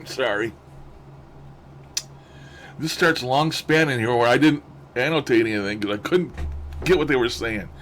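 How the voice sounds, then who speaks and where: A man's voice: medium pitch, moderate pace, long pauses, fairly bright tone, slight background noise. A man hosting a session, casually commenting and musing as he plays back recordings, chuckling to himself. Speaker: host reviewing spirit-box recordings. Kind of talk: casual commentary over playback.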